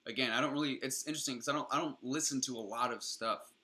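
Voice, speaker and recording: Young guy streamer rambling about music, bright clear tone, swears a lot. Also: medium pitch, quick pace. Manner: rambling, profane, enthusiastic. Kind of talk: casual stream chat.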